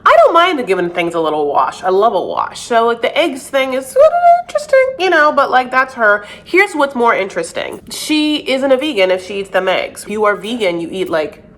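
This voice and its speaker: A woman's voice: on the high side, big pitch swings, normal speed, few pauses. A woman recapping reality TV in a sassy, gossipy manner, tossing in "honey" as she dishes. Her tone is chatty and opinionated, and she talks straight into a desk mic. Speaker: TV recap commentator. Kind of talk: casual recap commentary.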